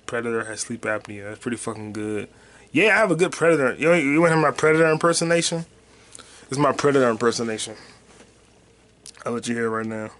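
A man hosting his own podcast in loose, profane, slangy chat, with excited bursts and quiet mutters as he reads comments. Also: medium pitch, fast. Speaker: podcast host. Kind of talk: casual solo podcast chat.

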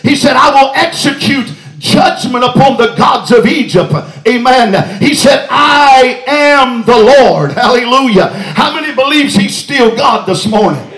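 A man preaching a revival in a church, his voice pitched very high for a man. He shouts with fervor and fills the gaps with "uh" and "hallelujah," and the sanctuary rings with echo around him. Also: expressive, a little slow, hardly any pauses. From Texas. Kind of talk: revival sermon.

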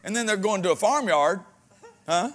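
A man preaching a sermon as pastor, with folksy humor and frequent amens, swinging between loud exhortation and quiet asides. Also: high-pitched, lively intonation, normal speed, slight background noise.

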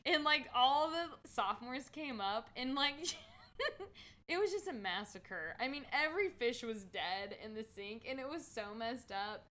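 A woman's voice: on the high side, animated, unhurried, fairly bright tone. A woman in her twenties chatting casually and telling stories, filling her talk with "like". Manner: chatty storytelling, heavy use of "like". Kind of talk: casual chat.

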